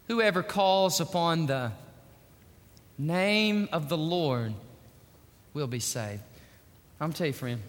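Animated preacher in an echoey hall. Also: male voice, medium pitch, slow, long pauses. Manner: animated preaching, rising to near-shouts. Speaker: pastor. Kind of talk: sermon.

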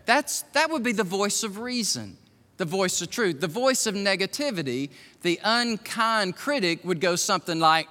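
A man's voice: extremely high pitch, moderate pace, in a large hall. A man in his fifties, a pastor preaching a sermon, telling stories with acted-out voices and frequent laughter. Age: 50s. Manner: animated storytelling, acts out voices, laughs often.

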